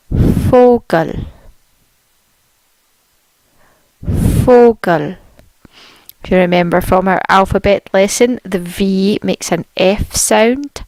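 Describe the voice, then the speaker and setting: A woman leads a vocabulary lesson at a slow, deliberate pace and repeats each new word carefully for her learners. Her voice sits at an everyday middle pitch, and the recording is dry and close. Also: no room sound. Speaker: language teacher. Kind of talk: slow spoken language lesson.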